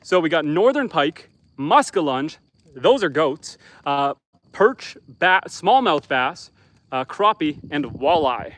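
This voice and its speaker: Easygoing Canadian man with a higher voice. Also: very animated, takes it slowly, a bit bright. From Northern Canada. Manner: rambling, easygoing, lots of ums and restarts. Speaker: livestream host, homesteader. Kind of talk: casual livestream chat, reading viewer comments. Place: outdoors at an off-grid homestead by a bonfire.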